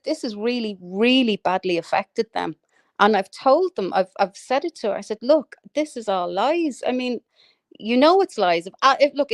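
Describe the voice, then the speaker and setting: Animated woman ranting with laughs. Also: medium pitch, no echo, studio quality. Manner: animated, swears freely, laughs while ranting. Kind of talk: casual chat on a livestream.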